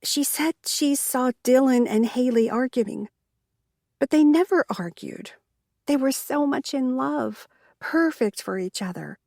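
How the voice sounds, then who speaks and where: A woman voicing a young house maid, soft, sorrowful and guarded. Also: high-pitched, lively intonation, measured pace, vocal fry, dry recording, clean studio sound, voice pushed up, full character voice. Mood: sad.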